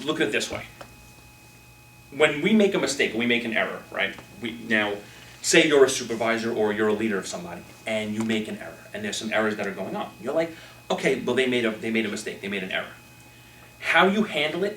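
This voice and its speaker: A man leading a Toastmasters-style workshop, giving a live motivational talk and acting out people's reactions. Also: medium pitch. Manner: animated, acts out quoted reactions. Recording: roomy, from a distance, faint noise.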